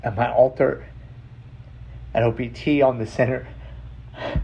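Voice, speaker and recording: A man's voice: medium pitch, fairly even intonation, normal speed, creaky, pauses often, mellow. A young man from San Carlos telling a personal story in casual, swearing speech, quoting the people he met. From San Carlos, Arizona. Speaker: vlogger telling his story. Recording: slightly dull lo-fi sound.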